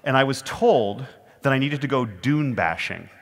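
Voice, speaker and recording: A man giving a keynote talk, telling a story with self-deprecating humor and lively comic timing. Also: medium pitch, normal speed. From Canada. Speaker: keynote speaker.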